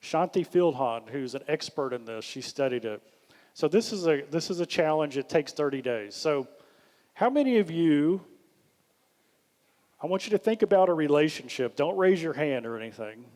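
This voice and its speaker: The long reverb of a large hall colors this leadership workshop talk, where a man animatedly coaches the audience and often acts out his recommended questions in a lifted voice. His pitch sits a little high for a man, and his pace is moderate.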